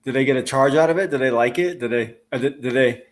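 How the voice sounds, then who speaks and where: Man, stream host, curious questions, halting restarts. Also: mid-range voice. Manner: asks questions, hesitant restarts. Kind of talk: casual live-stream chat.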